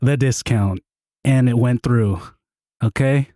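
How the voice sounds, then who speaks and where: Animated, laughing male podcast storyteller. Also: mid-range voice, slow, no room sound, studio quality. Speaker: podcast host. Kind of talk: casual chat, storytelling.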